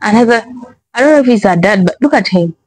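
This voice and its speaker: Woman, reaction video host, casual exasperated commentary, swears freely, mid-pitched voice, dry close sound. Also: animated, fast, darkish tone, no room sound, rough recording. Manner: exasperated, profane, repeats herself.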